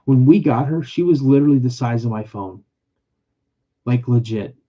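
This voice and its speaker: A man's voice: mid-range voice, normal speed, dark tone, muffled recording. A man hosting a casual livestream podcast, rambling and emotional, often repeating himself as he tells personal stories. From California. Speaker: podcast host.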